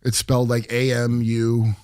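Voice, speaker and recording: A man's voice: medium pitch, monotone, measured pace, darkish tone, dry recording. Profane man talking conspiracies, dry sound. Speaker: podcast guest. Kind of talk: casual podcast chat.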